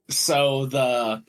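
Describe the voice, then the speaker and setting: A man's voice: medium pitch, poor audio. A man co-hosting a podcast, making dry, crude quips in casual chat. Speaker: podcast co-host.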